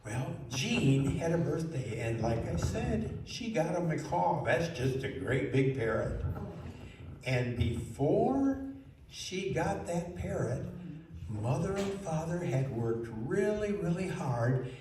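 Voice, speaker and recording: A man's voice: fairly high pitch, slow pace. Man telling a story in an echoey room. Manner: lively, asks the listeners questions. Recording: very echoey room, mic far off, faint noise.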